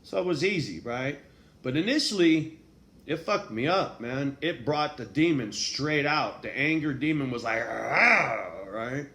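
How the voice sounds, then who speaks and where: A man's voice: a little high, lively intonation, moderate pace, fairly bright tone. Guy telling his story, cussing a lot, keeps saying right?, roomy echo. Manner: profane, street slang, frequent "right?". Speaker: vlogger. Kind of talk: casual storytelling monologue. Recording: echoey room with faint background noise.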